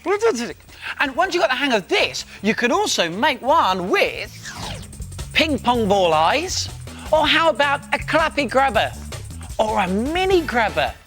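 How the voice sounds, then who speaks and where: A man's voice: very high voice, sing-song, a little slow, bright, forceful tone, faint music behind. A man co-presenting a children's craft show, playful and jokey while demonstrating.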